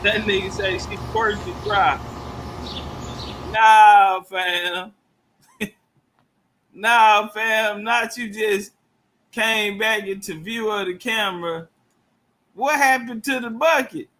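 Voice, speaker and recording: A man's voice: high voice, fairly even intonation, slow, pauses often, bright, forceful tone. A man doing loose, profane live commentary, heckling and laughing in heavy slang. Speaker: livestream commentator. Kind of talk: crude casual live commentary.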